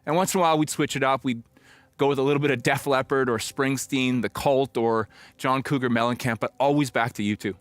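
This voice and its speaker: A middle-aged pastor telling a personal story in a conversational, reflective sermon, now and then acting out old conversations. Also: male voice, mid-range voice, steady tone, fairly quick, dry recording.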